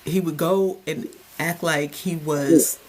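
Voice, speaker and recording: A woman who works as a caregiver, chatting in a relaxed way with trailing restarts. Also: deep voice, takes it slowly. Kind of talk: casual chat.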